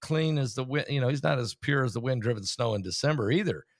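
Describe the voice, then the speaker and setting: A male preacher hosts a casual talk show in a chatty, halting manner, full of fillers. His voice sits at a middle pitch. The sound is dry and close. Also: animated, no echo. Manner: chatty, hesitant, many fillers. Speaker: host, preacher.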